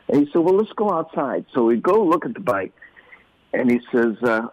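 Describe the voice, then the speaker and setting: A man's voice: mid-range voice, fairly quick, husky, no room sound, poor audio. Dry close-miked man telling stories. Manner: animated, acts out quoted voices. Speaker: guest storyteller. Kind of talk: casual storytelling in an interview.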